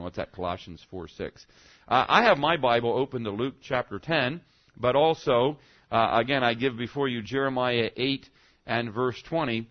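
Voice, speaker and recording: A pastor with a mid-range voice talks at a moderate pace, captured in dull-sounding audio during a church service. His sermon rambles conversationally, leaning on rhetorical questions and repeated "okay?" prompts to the congregation.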